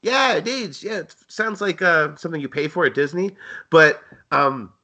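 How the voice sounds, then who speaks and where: A man's voice: fairly high pitch, moderate pace, pushed and bright. A man co-hosting a casual sports betting chat, rambling and jokey with lots of fillers. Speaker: co-host.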